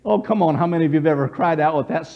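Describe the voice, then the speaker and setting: A pastor preaching a sermon, telling the story with animated quotes and leading the congregation in repeating lines. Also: male voice, a little high, very fast, dull audio.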